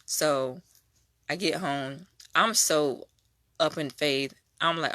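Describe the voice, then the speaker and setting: A young adult woman giving a casual spoken faith testimony, telling her story in an animated way. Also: low-pitched, slow pace, no room sound, clean studio sound. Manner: animated storytelling, acting out quoted voices.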